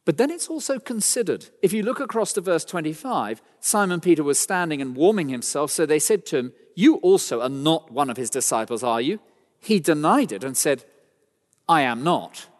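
Male preacher, fairly high and very lively voice, emphatic sermon delivery, long hall reverb. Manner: emphatic, rhetorical, dramatic pauses.

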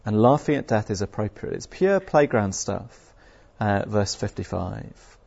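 A man preaching a sermon in a lively, conversational way, with many fillers and mock-taunting asides. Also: lowish voice, measured pace, gravelly, husky, dull audio.

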